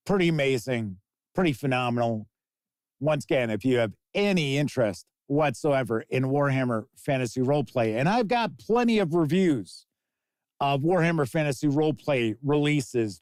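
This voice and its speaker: A man's voice: fairly high pitch, a little mellow, dry recording. A man hosting a live tabletop gaming news stream, reading announcements and riffing on them in a chatty way while answering viewer comments. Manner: chatty, reads news then riffs on it, answers chat comments.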